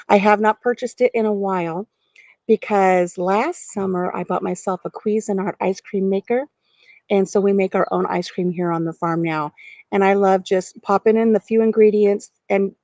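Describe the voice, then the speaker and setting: A woman's voice: mid-range voice, dark tone, no echo. A middle-aged woman chatting casually on a live stream from outdoors on her farm porch, giggling and talking to viewers by name.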